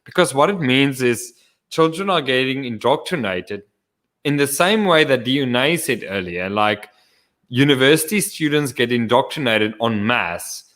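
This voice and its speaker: A man's voice: mid-range voice, animated, a little slow, fairly bright tone. A man hosting a casual podcast chat, swearing freely and restarting words with stammers as he talks. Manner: profane, stammering restarts, laughs often. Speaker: podcast host. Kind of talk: casual chat over drinks.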